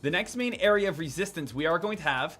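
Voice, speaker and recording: A man with a high, bright voice talks through live stock trading commentary. He is energetic and repetitive, and hammers his points home. Faint music plays underneath. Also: fast talker.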